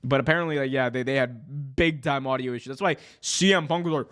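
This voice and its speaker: Excitable, slangy male podcast host. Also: mid-range voice, fairly quick, few pauses. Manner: excitable, jokey, lots of slang and reactions. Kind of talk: casual livestream commentary.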